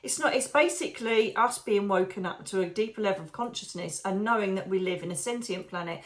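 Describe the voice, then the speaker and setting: A woman from the UK hosting her psychic medium show, chatting warmly to viewers, digressing often and calling them darling. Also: mid-range voice, fairly quick. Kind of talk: casual chat to viewers.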